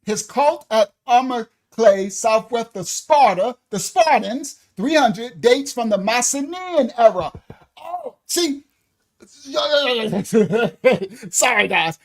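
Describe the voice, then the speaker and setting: A ministry teacher gives a livestream lesson, reading aloud from slides and breaking off to talk straight to viewers. The delivery is animated and emotional, with outbursts of laughter and apologies. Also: medium pitch, slow pace. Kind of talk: livestreamed Bible-history lesson.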